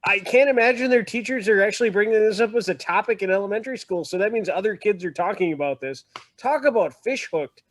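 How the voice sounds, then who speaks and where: A man telling animated, wry stories in a casual video-call chat. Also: high-pitched, fast talker, dry recording.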